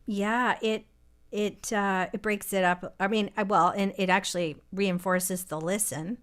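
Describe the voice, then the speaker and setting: A woman's voice: mid-range voice, steady tone, unhurried, a bit bright. A woman composer in a casual live-streamed chat, reflectively talking through how she wrote a song. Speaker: composer and co-artistic director. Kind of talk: casual conversation about songwriting.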